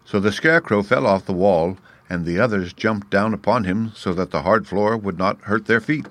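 Male storybook narrator; low voice, dry close recording. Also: moderate pace, fairly bright tone, no room sound. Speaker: audiobook narrator.

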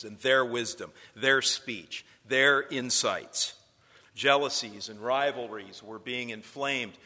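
A man's voice: medium pitch, bright, forceful tone, long reverb tail. A man lecturing future preachers in a sermon style, telling stories and building to emphatic points.

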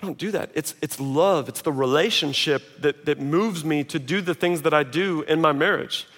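Male pastor, high-pitched, casual and joking from the pulpit, recorded in a big reverberant auditorium. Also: moderate pace. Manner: conversational, self-mocking, animated quoting. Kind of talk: sermon. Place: large auditorium. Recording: long reverb of a large hall.

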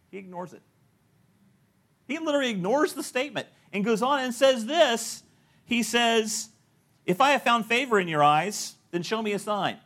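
A man's voice: high-pitched, a bit bright. A middle-aged male pastor preaching a sermon, telling stories and acting out the people he quotes, often laughing at his own points.

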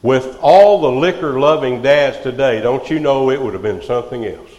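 A man preaching a sermon, swinging from loud outbursts to hushed, quiet lines. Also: mid-range voice, moderate pace, highs cut off. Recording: echoey hall, reverb.

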